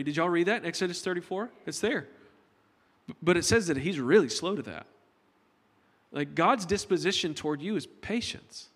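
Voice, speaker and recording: Preaching to his flock with humor mixed in, this middle-aged pastor speaks at a moderate pace with lively intonation. His voice is fairly high and a bit bright, and the hall adds long reverb.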